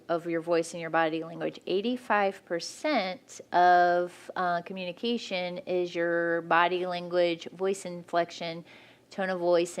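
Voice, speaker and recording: A woman speaking frankly and practically at a church marriage workshop, teaching couples. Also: lowish voice.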